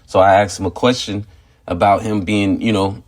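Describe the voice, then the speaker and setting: A man's voice: fairly low pitch, steady tone, moderate pace. A man telling a personal story and turning it into informal spiritual teaching, rambling and full of "you know" fillers, stressing points with "okay" and "all right". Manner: emphatic, repeats "okay" and "all right" to drive points home. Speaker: religious teacher sharing a testimony.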